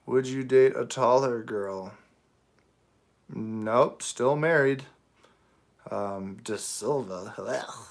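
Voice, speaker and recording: A man with a mid-range, creaky voice draws out his words and pauses often. He hosts a knife-making shop livestream, taking viewer comments in relaxed, joking chat.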